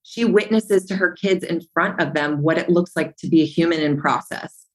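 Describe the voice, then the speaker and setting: A woman's voice: deep voice, normal speed, poor audio. A woman speaking as a podcast guest, telling stories with animation, acting out past conversations and driving her points home by repeating phrases. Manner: animated storyteller who acts out remembered dialogue.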